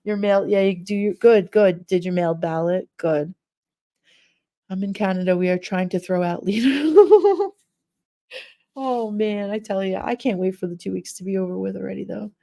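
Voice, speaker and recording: A woman's voice: mid-range voice, moderate pace, creaky, dark tone. A middle-aged woman chatting casually with her live chat viewers, telling everyday stories, laughing often and acting out voices. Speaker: live stream host.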